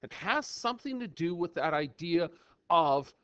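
A man's voice: on the high side, moderate pace, clean tone, dry recording. A man teaching a screen-recorded math lesson in a playful, chatty way, thinking aloud as he works through the problem. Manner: playful, animated, talks to himself while working. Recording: dull lo-fi dry recording.

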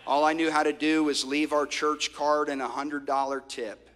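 Bright-voiced man preaching in an echoing hall. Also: on the high side, normal speed. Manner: animated storytelling preacher, swings from loud to hushed. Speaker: pastor. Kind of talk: sermon. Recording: long hall reverb.

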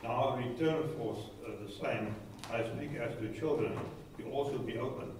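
A man in a class reads a passage aloud in a plain, steady voice. He is picked up from far across a very echoey room, with a faint background noise. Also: medium pitch, normal speed. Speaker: class member reading aloud. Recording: echoey room from a distant mic.

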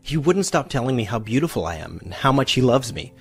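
A man's voice: medium pitch, very animated, quick pace, husky, soft background music. Martina, a gushing wife, as a man reads her lines. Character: grateful young married woman, bubbly and tearful.

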